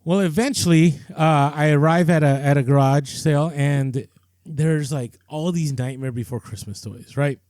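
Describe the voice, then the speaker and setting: A man's voice: fairly high pitch, normal speed, a little mellow, dry recording. A man co-hosting a podcast, telling a story in a loose, chatty way with lots of fillers and restarts. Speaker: podcast co-host. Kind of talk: casual storytelling chat.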